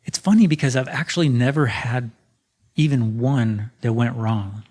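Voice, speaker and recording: A man's voice: mid-range voice, normal speed. A man hosting a podcast about guitar making, telling a story from his workshop in a casual, rambling way with plenty of fillers. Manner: relaxed and rambling, with many fillers and restarts. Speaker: podcast host and guitar maker.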